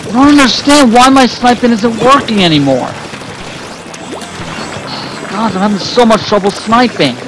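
A man's voice: very high-pitched, normal speed, pauses often, over music, poor audio. A man giving casual gameplay commentary, frustrated and rambling as he talks to himself about his losses. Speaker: gaming video host.

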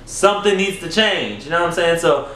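A young man telling a storytime vlog story in a casual, animated way, swinging up high for emphasis and talking straight to his viewers. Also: a little fast, a little hiss or hum. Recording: echoey room.

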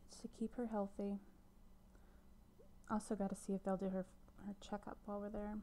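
A woman giving casual commentary over a life-sim game, chatting to her viewers and often dropping into a soft whisper. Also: mid-range voice, flat delivery, normal speed, a little hiss or hum. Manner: talks to viewers as "guys". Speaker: gameplay commentator.

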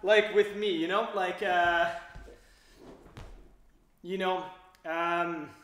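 Canadian man, young, native French, high voice, casual livestream chat, rambling, roomy echo. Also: fairly even intonation, drawn-out words, fairly bright tone. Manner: chatty, rambling, lots of fillers. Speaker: livestream host reading chat.

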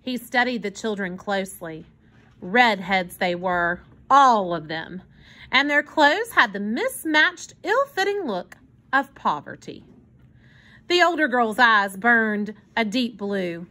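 A woman reading a children's book aloud in an expressive storytelling manner. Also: medium pitch, slow. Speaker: narrator.

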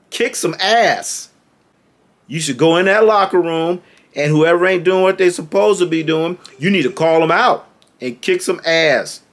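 A man ranting to the camera as a sports fan, scolding and sarcastic, repeating his points over and over. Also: on the high side.

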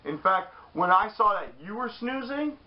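A man reviewing a wrestling show in casual, profane banter, loud and animated, sometimes shouting. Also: high-pitched, normal speed. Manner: loud, animated, swears often, shouts in mock voices. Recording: dull lo-fi sound.

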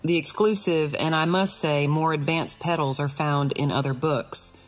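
A haughty iris flower from a storybook, full of command and curt replies, put on by a woman reading aloud. The voice sits low. Faint music plays underneath. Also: steady tone, moderate pace. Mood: imperious. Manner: imperious, curt.

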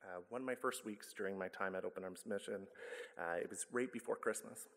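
A man speaks to a congregation in a fairly low voice. His talk is earnest and conversational, with the odd stumble and self-correction, and it rings through a church hall with a long reverb. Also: a little fast, a bit bright. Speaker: guest speaker, charity director. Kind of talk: church talk with personal story. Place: church sanctuary.

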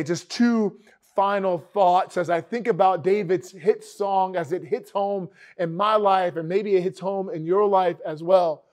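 A man's voice: sits high, darkish tone. A man preaching a sermon to an online congregation, talking conversationally and repeating words for emphasis. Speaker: pastor. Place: church online worship video.

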